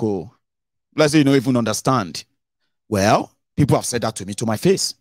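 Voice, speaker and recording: A middle-aged Nigerian man hosting a casual political commentary show, animated and mixing Pidgin into his English, with dramatic swings in pitch. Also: normal speed, long pauses, no room sound, clean studio sound. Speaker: host.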